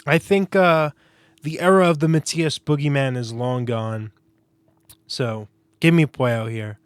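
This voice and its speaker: A man's voice: medium pitch, a little slow, smooth, no room sound, studio quality. A man hosting a show, casually giving opinionated, wry and sarcastic predictions. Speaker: boxing podcast host.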